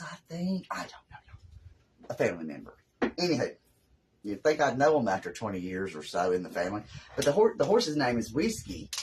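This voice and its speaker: A woman's voice: a bass voice, a little hiss or hum, low-quality recording. A woman with a Southern US accent, hosting a casual craft live stream and chatting in a rambling way with her viewers from her home craft room.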